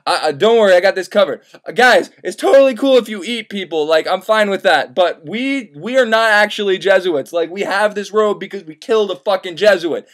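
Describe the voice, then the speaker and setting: A young man voicing an unflappable, clever male servant who talks in a calm, slangy way within a comedic retelling. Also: sits high, fairly quick, few pauses. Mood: easygoing.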